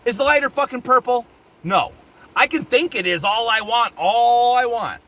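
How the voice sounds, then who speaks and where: A man vents in a heated vlog rant, cursing often and getting openly worked up. His voice sits high and swings widely in pitch. The tone is bright and tense. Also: lively intonation, normal speed. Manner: angry, profane, worked up. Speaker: vlogger. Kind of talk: heated opinion rant to camera.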